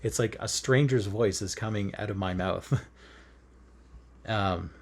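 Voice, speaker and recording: Guy with a lowish voice just rambling in bed while he stitches, lots of likes and you knows, laughs a lot. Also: measured pace. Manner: rambling and earnest, with many fillers and self-corrections; laughs often while talking. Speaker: cross-stitch vlogger. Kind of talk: casual chat while stitching. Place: in bed at home.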